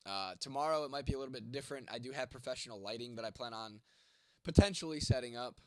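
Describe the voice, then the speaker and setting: Answering his chat on a late-night livestream from home, this content creator, twenty-nine, is congested from a cold and losing his voice, and he's blunt and heavily profane. He talks at a quick pace in a bit bright, mid-range voice with no echo.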